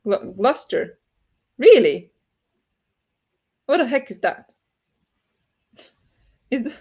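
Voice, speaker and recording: A woman with a Flemish accent, a native Dutch speaker, chatting loosely with her stream. She laughs often and reads the chat out loud. Her mid-pitched voice comes through a slightly muffled home mic. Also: animated, takes it slowly, pauses often, slightly rough. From Flanders. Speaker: livestream host. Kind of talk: casual livestream chat. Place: home at night.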